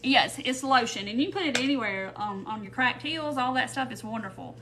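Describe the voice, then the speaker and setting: A woman with a fairly high, brisk voice hosts a live craft stream from her home craft room. In this casual tutorial chat she rambles, thinks aloud while working, and greets viewers by name.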